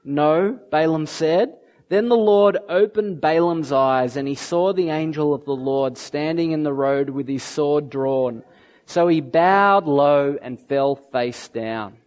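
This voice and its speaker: A male preacher retelling and reading a scripture story in a sermon, animated and acting out the quoted voices. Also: a little high, slow.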